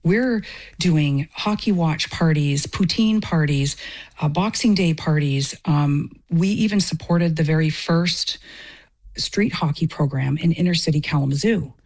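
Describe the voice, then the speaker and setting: A woman's voice: low voice, measured pace, a little mellow. A woman from Canada, a festival director, talking earnestly and with feeling in an interview. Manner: earnest and emotional. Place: Portage, Michigan.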